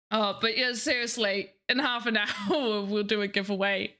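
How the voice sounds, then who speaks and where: A woman's voice: mid-range voice, steady tone, moderate pace, hardly any pauses, pushed and bright. A young woman hosting a livestream, chatting casually to her viewers with a self-mocking manner. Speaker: livestream host.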